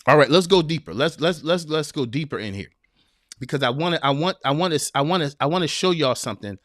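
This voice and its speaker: A man's voice: a little high, lively intonation, fast, a bit bright, dry recording, studio quality. A man hosting a live advice podcast in a direct, preachy way, repeating phrases for emphasis. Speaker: podcast host. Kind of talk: live-streamed advice talk.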